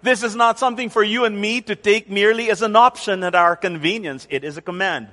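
A male pastor delivers a sermon with a high, bright, ringing voice. He speaks deliberately and with emphasis, repeating key words. The sound carries a long hall reverb. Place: church center with rain on the roof.

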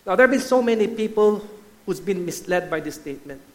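A man's voice: high-pitched, animated, brisk. A man preaching a sermon, emphatic and repetitive, calling out to his listeners as church and guys. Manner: emphatic, repeats key phrases, addresses listeners as guys and church.

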